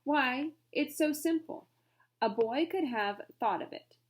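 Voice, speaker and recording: Woman reading as a proper male butler, calm and formal. Storybook voice. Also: sits high, takes it slowly, voice pushed up. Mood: composed. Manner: composed, formal speech.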